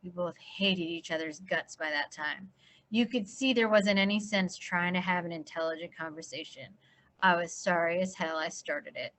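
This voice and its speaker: A woman English teacher reading a first-person novel aloud in an expressive, casual manner. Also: on the low side, normal speed.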